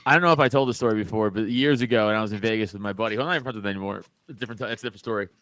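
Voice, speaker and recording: A man's voice: lowish voice, racing, fairly bright tone, no echo. Laughing, swearing New York podcast guy. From Staten Island, New York. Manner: loose, laughing storyteller who swears a lot. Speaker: podcast host. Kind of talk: casual chat.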